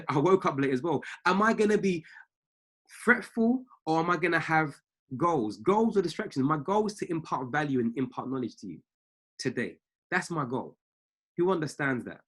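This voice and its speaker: A man's voice: on the high side, lively intonation, normal speed, fairly bright tone, slightly rough. A man coaching traders on a live call from a family home, preaching in an emphatic way and repeating his key phrases. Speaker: trading mindset coach.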